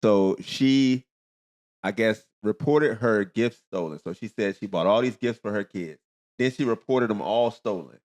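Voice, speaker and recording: A man's voice: fairly low pitch, a little slow, a little mellow. A man hosting a casual podcast, chatting and often laughing. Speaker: podcast host. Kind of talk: casual chat.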